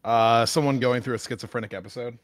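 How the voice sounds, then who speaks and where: A man's voice: mid-range voice, fairly even intonation, fast, a little hiss or hum. A man co-hosting a casual podcast, giving short laid-back replies. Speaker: podcast co-host.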